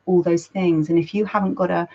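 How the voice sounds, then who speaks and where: Woman, counsellor hosting a chat, loose and self-correcting, a little low, dull lo-fi audio. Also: steady tone, a little fast. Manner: rambling, self-correcting, laughs at herself, swears casually. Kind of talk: casual talk. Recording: dull lo-fi sound.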